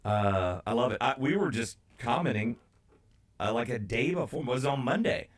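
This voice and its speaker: A man's voice: mid-range voice, expressive. Chatty man co-hosting sports radio. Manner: chatty storyteller, slows down to stress points. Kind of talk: casual sports talk.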